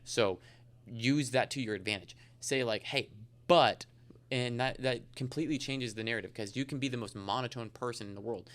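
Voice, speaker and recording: Brief: man, podcast guest, rapid rambling delivery, smooth crisp voice, lowish pitch. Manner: fast, rambling storyteller with many fillers. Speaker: insurance agent guest. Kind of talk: casual podcast interview.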